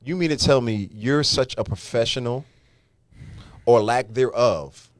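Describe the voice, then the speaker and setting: A man's voice: medium pitch, no echo. A man co-hosting a podcast in casual chat, teasing and emphatic. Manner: animated, teasing, drawn-out emphatic delivery. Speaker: podcast co-host.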